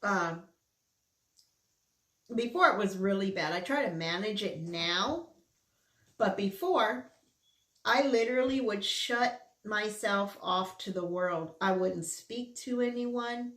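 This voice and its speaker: A middle-aged woman mukbang vlogger chats casually and candidly while eating, sometimes talking with her mouth full. Her voice is medium-pitched, slow and a bit bright, and the indoor recording has a roomy echo.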